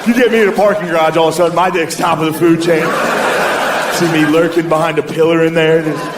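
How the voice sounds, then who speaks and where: A man's voice: a little high, steady tone, fast. A man in his thirties doing a stand-up set, telling profane, self-mocking stories on a comedy club stage. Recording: echoey venue, loud crowd and noise. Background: audience laughter.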